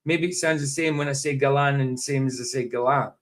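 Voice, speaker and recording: A man's voice: mid-range voice, steady tone, brisk. A man hosting a live stream in casual, rambling chat, often chuckling and talking to himself.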